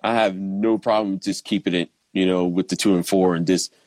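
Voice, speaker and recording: A man's voice: deep voice, moderate pace, no room sound. A man from Baltimore, a drummer guest in a casual interview, talking in a laid-back, easygoing way with lots of ums. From Baltimore, Maryland. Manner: laid-back, relaxed, many ums and restarts.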